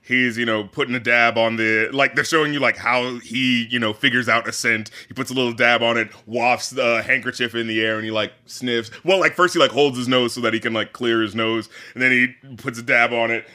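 A man in casual conversation, rambling with many fillers and acting out scenes in quick impressions. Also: medium pitch, fairly even intonation, sharp tone, clear, resonant tone. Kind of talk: casual movie discussion.

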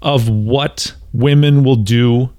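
A man's voice: medium pitch, fairly even intonation, slow pace, a little mellow, no echo, clean studio sound. A man hosting a conversational interview, asking long, emphatic questions. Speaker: podcast host.

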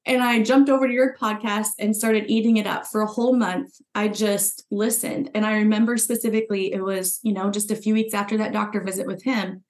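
A woman's voice: mid-range voice, little pitch movement, fairly quick, few pauses, darkish tone. A woman guest on a podcast, earnestly telling her own story in conversation and acting out what she thought back then. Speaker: podcast guest, former client. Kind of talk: personal story told in conversation.

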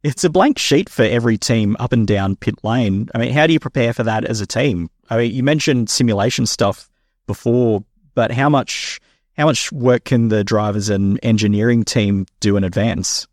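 A man's voice: mid-range voice, normal speed, no echo, clean studio sound. A man, a motorsport interviewer asking chatty, jokey questions. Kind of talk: conversational interview.

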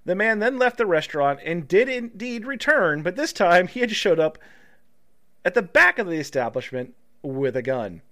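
Man, podcast co-host, reads news aloud with asides, lively swinging pitch, bright tone. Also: normal speed. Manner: reads news items aloud and breaks off to joke and laugh. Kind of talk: casual comedic podcast chat, reading news stories aloud.

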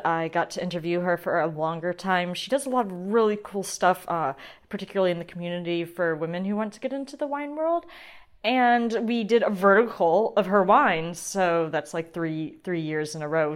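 Playful woman hosting a wine podcast. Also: medium pitch. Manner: playful, self-deprecating, lively. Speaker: podcast host. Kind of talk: casual chatty intro.

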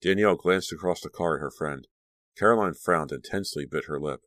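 A man narrating an audiobook with a dramatic, expressive reading. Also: low-pitched, a little fast, dry recording.

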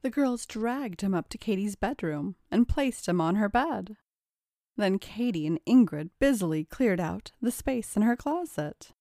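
A woman narrating a story with steady, even-toned reading. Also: mid-range voice, a little slow, no echo, studio quality.

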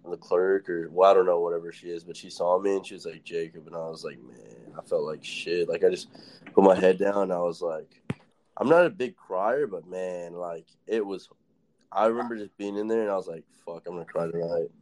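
Young guy rambling thru a story, swears a lot, lowish voice, keeps laughing. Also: fairly quick, darkish tone, slight background noise. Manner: rambling, profane, laughs often. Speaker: podcast host. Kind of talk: casual storytelling chat.

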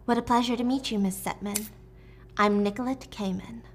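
A woman voicing a cold, scheming middle-aged female politician who speaks softly and condescendingly. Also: a little high, fairly even intonation, moderate pace, a little hiss or hum, close to an everyday voice. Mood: icy, hushed. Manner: soft, hushed and condescending.

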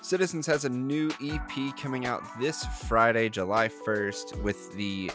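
A man's voice: mid-range voice, fairly even intonation, unhurried, music in the background. A man hosting a podcast in casual chat, rambling with many fillers and restarts. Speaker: podcast host.

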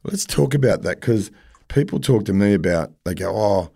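A man's voice: lowish voice, fast talker, gravelly, dark tone. A man hosting a casual interview, telling blunt stories and swearing freely. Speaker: podcast host.

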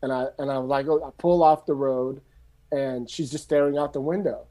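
A middle-aged man from San Francisco, a screenwriter telling his story in a loose, animated, casual way and swearing freely. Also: mid-range voice, fairly quick. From San Francisco, USA. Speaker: screenwriter guest.

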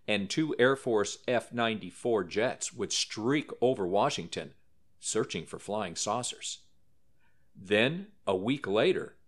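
A man narrating a documentary-style story in a scripted, dramatic way, lifting his voice for quoted lines. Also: lowish voice.

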